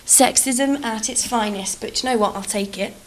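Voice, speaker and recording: A woman's voice: fairly high pitch, moderate pace, slight background noise, rough recording. A British woman in her thirties telling rambling, self-deprecating stories in a casual game-build vlog. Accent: British English. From England. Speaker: vlogger.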